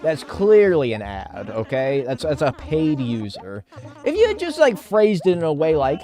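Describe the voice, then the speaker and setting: Animated, swearing game streamer man. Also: on the high side, normal speed, faint music behind. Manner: reads chat aloud and riffs with casual swearing. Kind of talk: casual livestream chat reading.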